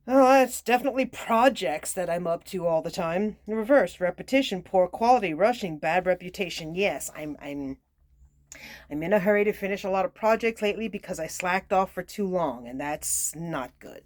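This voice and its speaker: A woman's voice: on the low side, animated, moderate pace, darkish tone, no room sound, clean studio sound. A woman giving a casual tarot reading, reading card meanings aloud between chatty, self-mocking asides. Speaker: tarot reader.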